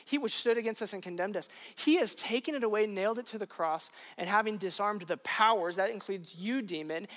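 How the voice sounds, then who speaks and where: A woman's voice: mid-range voice, brisk, hardly any pauses. Woman pastor for a sermon, casual story-driven delivery, lots of false starts, mid-range voice. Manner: conversational, animated storytelling with frequent restarts. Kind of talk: sermon told as a personal story.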